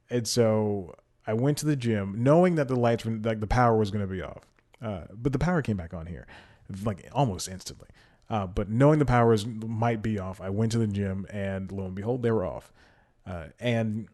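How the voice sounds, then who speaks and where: A man's voice: on the low side, normal speed, a little mellow. A man hosting a solo podcast, rambling casually and laughing at himself as he goes. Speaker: podcast host.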